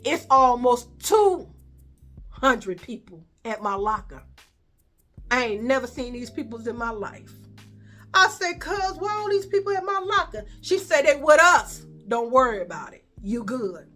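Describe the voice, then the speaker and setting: A woman with a Chicago accent spins a story from her own life, high-pitched and bright, with a sharp edge to her voice. She talks casually and swears freely, acting out each line of dialogue with lively energy. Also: measured pace, faint music behind. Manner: animated, profane, acts out quoted dialogue.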